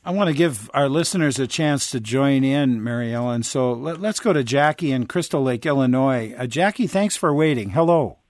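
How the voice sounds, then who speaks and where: Gentle male radio host, dry studio. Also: medium pitch, animated, moderate pace, few pauses, dry recording. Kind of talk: public radio call-in show.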